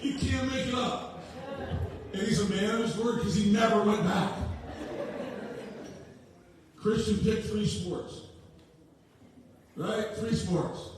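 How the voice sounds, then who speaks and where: A man in his sixties tells homespun, joking family stories from a church stage. His slightly high voice rings through a very echoey sanctuary and sounds set back from the mic, with faint room noise underneath. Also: slow pace, long pauses. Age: 60s. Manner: folksy, joking family anecdotes. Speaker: guest speaker at a church. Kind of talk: storytelling sermon. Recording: very echoey hall from far off.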